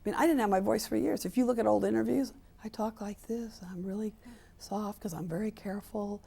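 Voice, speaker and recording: Fast and husky, with a creaky, dark, mid-range voice, this interview guest in her seventies argues for sports equality in candid conversation. She stresses points emphatically, repeats them, and performs the dialogue she quotes.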